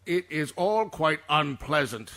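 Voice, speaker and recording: A man's voice: on the high side, lively intonation, unhurried, bright, forceful tone. A man playing an imperious, irritable male star actor in a recording booth, fussing indignantly over how to read ad lines. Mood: weary. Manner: imperious, indignant, fussy over word readings. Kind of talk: comedic voice-over session re-enactment.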